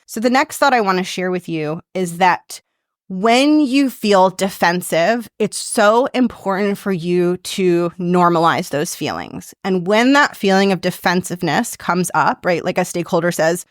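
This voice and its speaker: A woman's voice: lowish voice, animated, measured pace, dry recording. A woman hosts a solo advice podcast, talking listeners through hard workplace moments. Her manner is earnest and reassuring, and she acts out the inner self-talk she suggests. The sound is close and dry. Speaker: podcast host and career coach.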